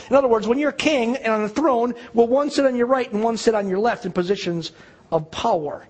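A man preaching a sermon, telling a story with animated delivery and acting out the quoted dialogue. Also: very high-pitched, a little fast, breathy edge.

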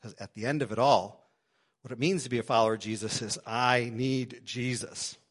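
A man preaching a sermon to his congregation in a church, swinging between loud emphasis and quiet asides. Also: lowish voice, fast talker, breathy edge. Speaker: pastor. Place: church sanctuary.

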